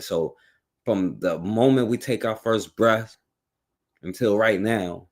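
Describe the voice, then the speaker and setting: A man hosting a talk radio show, giving casual political commentary in a conversational, rhetorical way, often checking in with the listener. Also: sits low. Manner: conversational, rhetorical, many "right?" and "you know what I'm saying".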